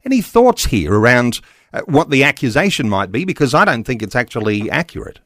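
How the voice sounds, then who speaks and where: A man hosts a conversation, setting out his points in a measured way before asking his question. His voice is middle-pitched and sounds dry and close, with no room echo. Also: sing-song, fairly bright tone. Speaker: host. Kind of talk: casual radio chat.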